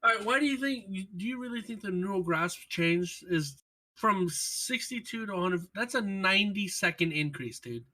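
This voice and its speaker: A man's voice: high-pitched, animated, normal speed, bright, forceful tone. A man co-hosting a gaming podcast, talking emphatically and reading update notes aloud. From United States. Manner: emphatic, exasperated outbursts. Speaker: podcast co-host.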